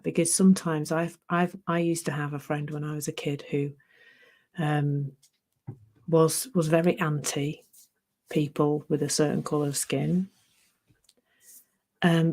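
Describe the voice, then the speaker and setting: Unhurried and reflective, a middle-aged woman with a low voice muses through a spiritual talk. Self-directed laughter and soft, almost whispered moments run through her delivery.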